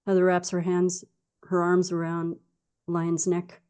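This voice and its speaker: A woman's voice: fairly low pitch, monotone, unhurried, dark tone, clear, resonant tone. A woman playing a tabletop role-playing game, talking in character in an earnest, rambling way full of fillers. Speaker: player.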